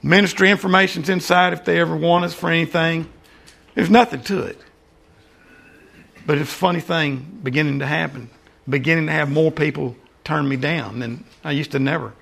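An older man preaching a sermon and then praying, earnest, often calling the listeners "friends" and dropping into soft asides. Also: a little high, fairly even intonation, moderate pace. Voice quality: gravelly. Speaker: lay preacher. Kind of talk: sermon and prayer.

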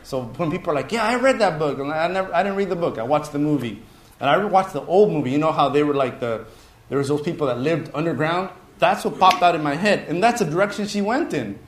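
A man's voice: fairly high pitch, fast talker, slight background noise. Chuckling man telling a story in a roomy space. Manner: animated, chuckling through his story. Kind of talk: casual anecdotal storytelling. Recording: roomy echo.

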